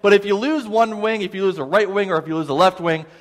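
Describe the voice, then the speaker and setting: A man's voice: sits high, fast talker, natural voice. A man speaking as patient flight attendants who explain how a plane flies, in his own voice. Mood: reassuring. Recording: long hall reverb.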